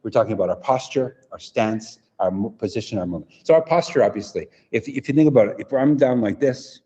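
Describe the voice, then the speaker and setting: A man running a live online workshop for teachers, energetic and demonstrative, often checking in with "right?". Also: on the low side, fast talker, long reverb tail, lo-fi sound. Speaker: teacher trainer.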